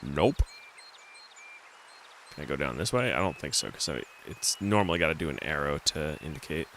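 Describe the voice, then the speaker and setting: Gravelly man muttering through a retro game. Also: rumbling low, lively intonation, moderate pace, fairly bright tone, slight background noise. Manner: muttering to himself, reading in-game text aloud. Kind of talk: casual let's-play commentary.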